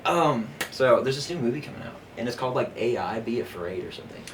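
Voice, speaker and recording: A young man, a podcast guest, rambling through absurd deadpan jokes in casual chat. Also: medium pitch, quick pace. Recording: roomy, distant mic with background noise.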